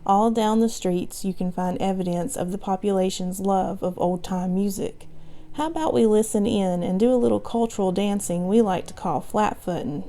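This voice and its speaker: Storytime reader. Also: female voice, medium pitch, moderate pace. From Southwest Virginia. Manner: expressive, lilting storytelling. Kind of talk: reading a folktale aloud for children.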